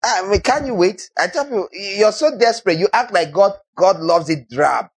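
Male preacher, sermon delivery; husky tone, mocking and rhetorical, dynamic. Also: high-pitched, animated, moderate pace. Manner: rhetorical, mocking, swings from loud to soft.

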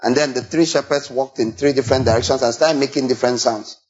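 A man preaching a sermon, animated and full of rhetorical questions, now and then imitating sheep and shepherd calls. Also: mid-range voice, quick pace. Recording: dull lo-fi recording.

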